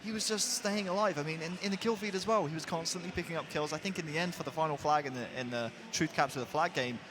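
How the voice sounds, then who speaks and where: A man's voice: a little high, quick pace, noisy background. A man working as an esports analyst, giving talkative, thorough breakdowns of the match at an analysis desk.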